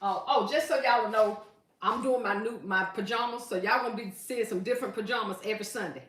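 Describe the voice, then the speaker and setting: A woman's voice: mid-range voice, moderate pace, a bit bright. Chatty woman in a roomy echo. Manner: chatty, reads viewer comments aloud, talks straight to viewers. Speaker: live stream host and gift basket maker. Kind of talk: casual live stream chat. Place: at home.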